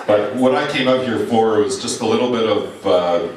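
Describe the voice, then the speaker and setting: A man's voice: fairly low pitch, normal speed. A man at a reunion, reminiscing about his school days in a wry, self-mocking speech. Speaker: reunion speaker sharing memories. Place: large echoey hall at a reunion. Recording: echoey hall, distant mic, crowd.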